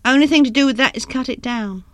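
A woman's voice: sits high, quick pace, dry recording, voice pushed up, lightly acted. A woman voicing an elderly male seedsman who talks in a folksy, knowing way.

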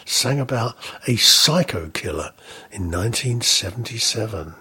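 A chatty man hosting an evening radio show from the studio. His voice is very raspy and rough, and he chuckles easily as he reads out quiz questions in a relaxed, self-mocking way. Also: lowish voice, unhurried. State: slightly rough voice. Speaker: radio presenter. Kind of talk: casual local radio chat.

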